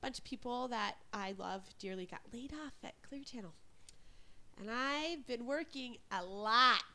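A woman's voice: fairly high pitch, measured pace, pushed and bright. A woman co-hosting a podcast in casual chat, playfully teasing her co-host and laughing often.

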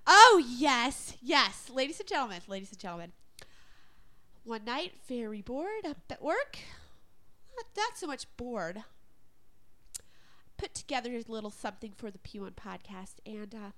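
High-voiced teasing woman co-host. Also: sing-song, unhurried, pushed and bright. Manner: playful teasing, laughs often. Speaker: podcast co-host. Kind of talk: casual podcast chat.

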